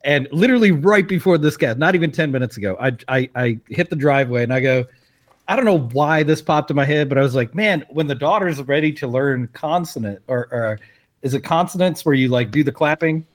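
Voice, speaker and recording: A man's voice: a little high, a little fast. A man from Texas co-hosting a casual podcast, rambling through stories and laughing often. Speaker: podcast co-host. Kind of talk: casual chat.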